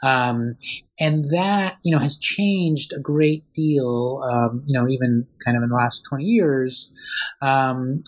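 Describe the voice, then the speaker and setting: Hesitant husky-voiced man. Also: mid-range voice, takes it slowly, rough recording. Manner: hesitant, many fillers and restarts. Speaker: author guest. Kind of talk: casual interview talk.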